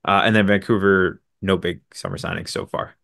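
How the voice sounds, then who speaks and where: Low-voiced man breaking down soccer stats. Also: big pitch swings, creaky, fairly bright tone, dry recording. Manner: brisk, stat-heavy, with dry sarcastic asides. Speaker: podcast co-host. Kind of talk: casual sports podcast chat.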